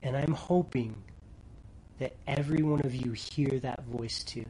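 A man preaching a sermon earnestly, dropping to soft near-whispers for tender lines and rising loud when reading scripture. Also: medium pitch, unhurried, breathy edge, rough recording. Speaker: pastor.

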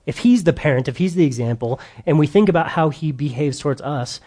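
Middle-aged male speaker, slightly high voice, lively parenting sermon with funny stories. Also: a little fast. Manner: animated storyteller, acts out his own outbursts loudly. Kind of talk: church parenting talk with humor.

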